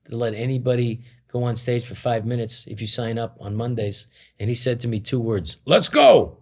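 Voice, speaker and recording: A man's voice: medium pitch, level tone, fairly quick, darkish tone. A middle-aged man being interviewed as a comedian guest, telling stories in a rambling way with many restarts and fillers. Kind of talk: casual interview storytelling.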